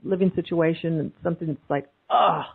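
Husky woman coaching over a call. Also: fairly low pitch, a little fast. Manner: animated, emphatic, repeating phrases. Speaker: guest speaker, life coach. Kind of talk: motivational talk on a group call. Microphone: video call. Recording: phone-like call audio.

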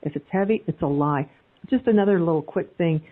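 A woman with a breathy, husky voice talks through a narrow, phone-like call connection. She coaches a group with animated emphasis. She keeps repeating her key phrases. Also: on the low side, a little fast. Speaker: guest speaker, life coach. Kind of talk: motivational talk on a group call. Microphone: video call.

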